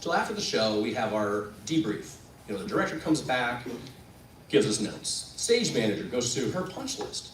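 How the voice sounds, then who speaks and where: A man's voice: mid-range voice, normal speed, a little hiss or hum. A man telling a personal story live on stage, acting out the people in it. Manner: animated, acts out the people in his story. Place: event room at a coffee house performance. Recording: roomy room, voice from a distance, faint ambience.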